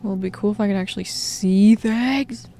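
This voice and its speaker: Woman streamer, slow gravelly voice, musing over a game, lil music behind. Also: mid-range voice, mellow. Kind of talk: casual gameplay commentary.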